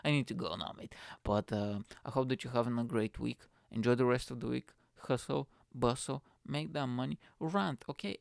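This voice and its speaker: A man hosting his own solo podcast, rambling and excitable, swearing freely as he rants to listeners. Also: mid-range voice, moderate pace, creaky, no room sound. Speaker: podcast host.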